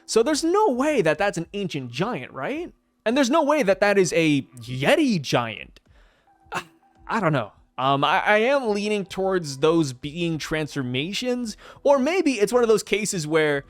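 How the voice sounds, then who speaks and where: A man casually reviewing a comic chapter, chatty and excitable, with many fillers and acted-out quotes. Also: high voice, measured pace, dry recording, faint music behind. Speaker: manga reviewer. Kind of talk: casual commentary.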